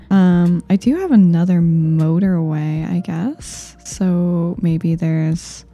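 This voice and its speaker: A woman's voice: on the low side, creaky, warm tone, slightly rough. A woman giving casual gameplay commentary, thinking aloud in a wry, self-mocking way.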